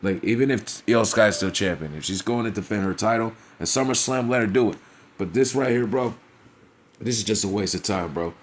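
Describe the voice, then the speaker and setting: A man's voice: lowish voice, fairly quick. A man giving a casual wrestling review in a blunt, profane, slangy rant, often asking whether the listener follows him. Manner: blunt, profane, slangy, with frequent "you feel me" asides.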